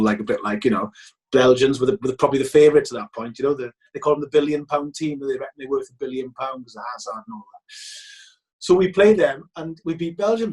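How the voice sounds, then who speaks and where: This guest is a man from Wales recounting tales of football trips in easygoing chat. He's lively and performs the voices of the people in his stories. His pitch is medium, and the audio is poor.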